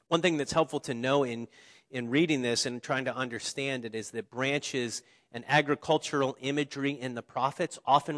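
A man preaching a sermon, repeating key phrases slowly and letting his voice fall quiet at the ends of lines. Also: mid-range voice. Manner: preaching with slow emphatic repetitions and dramatic drops in volume. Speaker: pastor. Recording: long reverb of a large hall.

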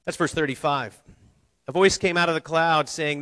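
A pastor with a fairly high, bright, forceful voice preaches in a church sanctuary at normal speed, his intonation fairly even. His sermon is earnest and conversational, with light humor and small restarts, recorded with no echo.

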